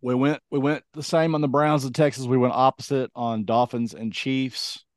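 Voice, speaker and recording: A man co-hosting a casual sports podcast, rambling and hesitant with many ums, his voice going a bit hoarse. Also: medium pitch, fairly even intonation, moderate pace, no echo. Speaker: podcast co-host.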